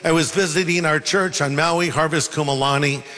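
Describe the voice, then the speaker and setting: Bright-voiced pastor preaching in a hall. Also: male voice, a little high, fairly even intonation, normal speed. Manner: conversational, storytelling, humorous asides. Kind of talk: sermon.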